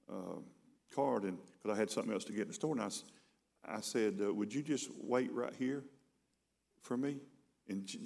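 Low-voiced pastor telling a story. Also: male voice, gravelly, a little mellow. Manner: conversational storytelling, repeats words when starting sentences. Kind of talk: sermon.

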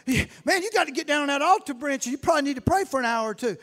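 Frantic, high churchgoers shout and scold in a drawn-out, shocked cry, as a preacher puts them on. A long reverb hangs behind every word. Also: male voice, animated. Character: alarmed churchgoers scolding a sinner.

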